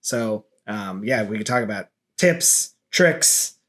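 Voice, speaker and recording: A man co-hosting a photography podcast in casual chat, relaxed and wry, often dropping into low mutters. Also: takes it slowly. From United States.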